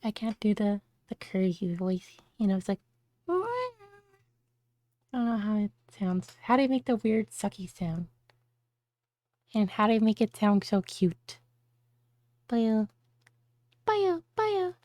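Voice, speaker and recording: A woman's voice: medium pitch, a little slow, long pauses, warm tone, no echo. A woman streamer chatting casually on a live stream, bubbly, with cutesy baby-talk words.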